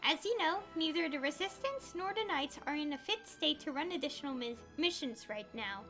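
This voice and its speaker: A woman's voice: high-pitched, animated, moderate pace, sharp tone. A woman streaming a game, reading its dialogue aloud with chatty, giggly asides. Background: game music.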